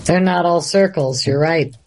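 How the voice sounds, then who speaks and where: A woman guest on a livestream interview, telling a long story in an animated way and laughing often. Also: on the low side, a little slow, slight background noise.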